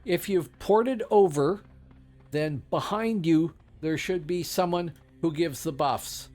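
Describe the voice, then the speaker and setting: A man's voice: fairly high pitch, slow pace, a little mellow, faint music behind. A man giving casual, rambling gameplay commentary as a streamer, chatty with many fillers and asides. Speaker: game streamer.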